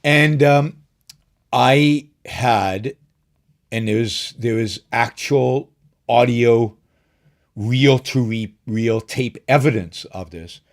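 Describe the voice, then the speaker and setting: A middle-aged man hosting a live stream, talking casually, rambling with fillers and restarts, and rising in pitch when he makes a point. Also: slow pace. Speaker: show host.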